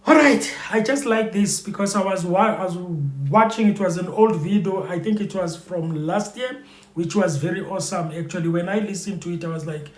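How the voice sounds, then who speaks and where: A man's voice: high-pitched, normal speed, echoey room. A man giving loose, rambling commentary to his viewers, full of fillers and repeated phrases. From South Africa. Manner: rambling, repetitive, heavy with fillers. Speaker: YouTube commentator. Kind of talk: casual spoken commentary to viewers.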